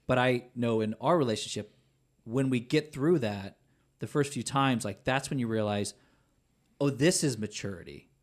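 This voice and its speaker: Calm man giving practical advice. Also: mid-range voice. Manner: measured, gives calm practical tips. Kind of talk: conversational podcast interview.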